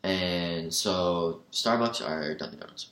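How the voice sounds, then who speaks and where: Deep, bright-voiced young man from Massachusetts. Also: slow pace. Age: young adult. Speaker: sports podcast co-host. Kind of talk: casual sports chat. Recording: echoey room.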